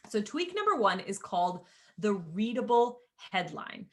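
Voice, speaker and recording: A woman's voice: medium pitch, big pitch swings, measured pace, a bit bright. Woman presenting a screen-share lesson, chatty and casual, speaks straight to her viewers. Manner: chatty, addresses viewers as "you guys", casual asides. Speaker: course creator teaching sales page design.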